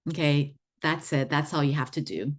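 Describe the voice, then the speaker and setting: A woman's voice: deep voice, moderate pace. A woman talking as a spiritual teacher, explaining in a chatty way and repeating words for emphasis. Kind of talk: explanatory online talk.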